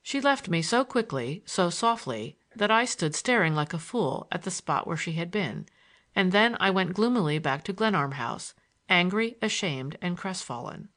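Expressive woman reading an audiobook. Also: on the low side, normal speed. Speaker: audiobook narrator. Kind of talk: first-person audiobook narration.

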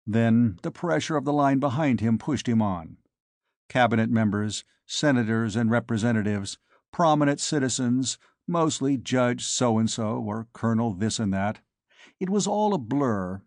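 A man narrating a story in the first person with a measured, wry delivery. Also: mid-range voice, animated, a little mellow, no room sound, studio quality. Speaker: audiobook narrator.

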